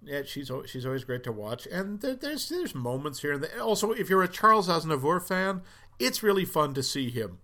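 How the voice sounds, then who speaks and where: A man from Boston on a casual film podcast, giving quick, opinionated verdicts. His voice sits fairly high and has a bright, forceful edge. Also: very animated. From Boston area. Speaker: podcast co-host. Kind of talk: casual film review chat.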